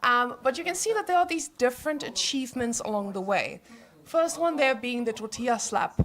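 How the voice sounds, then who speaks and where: A woman's voice: fairly high pitch, animated, normal speed, fairly bright tone. A woman hosting a live esports tournament stream, presenting to viewers in a chatty, upbeat way on a handheld mic in an event studio. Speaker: tournament host. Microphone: handheld microphone.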